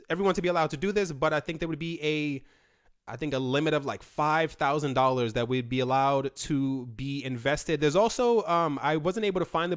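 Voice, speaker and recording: A man with a smooth, clear, slightly high voice talks through crypto news on his own channel. He rambles casually, stumbling over fillers and restarting his sentences. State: running out of breath. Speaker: crypto news video host. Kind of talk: casual solo commentary.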